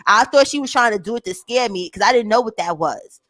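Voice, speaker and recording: A young woman tells a story in casual chat, swearing a lot and acting out her family members' voices with animation. Her voice is medium-pitched and a little fast, with no echo.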